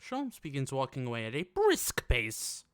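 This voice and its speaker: A man's voice: mid-range voice, wildly swooping pitch, normal speed, clean tone, dry recording. A man co-hosting a game let's play, reading narration and joking in a wry, playful way. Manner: wry, playful, reads narration in first person.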